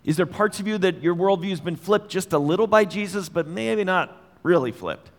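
A man's voice: high voice, expressive, normal speed, big-room sound. A man preaching a sermon in a conversational way, asking his listeners direct questions. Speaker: pastor.

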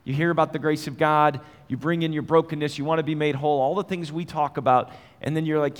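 A man's voice: fairly high pitch, steady tone, fast, hardly any pauses, long reverb tail. A man preaching a sermon in a conversational way, asking his listeners direct questions. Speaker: pastor.

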